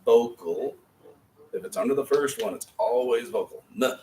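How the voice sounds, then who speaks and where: A man's voice: mid-range voice, moderate pace, warm tone, echoey room. A man teaching a Hebrew reading class, patiently modeling syllables one at a time and encouraging his students. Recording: distant mic with faint room noise.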